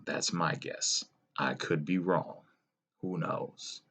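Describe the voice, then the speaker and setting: A man giving a solo opinion monologue, earnest and lecturing, pausing and sighing as he talks. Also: sits low, steady tone, pushed and bright. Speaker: political commentator.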